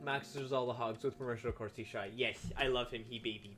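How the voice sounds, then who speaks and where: A man's voice: medium pitch, steady tone, fast talker, a bit bright, faint music behind. A man streaming live while drawing, chatting casually and answering his chat with jokes and asides.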